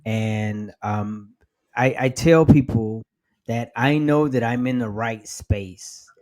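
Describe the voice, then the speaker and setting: A man hosting a podcast, who talks slowly and haltingly, repeating words as he works through his thoughts. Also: mid-range voice, darkish tone. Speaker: podcast host. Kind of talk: casual podcast conversation.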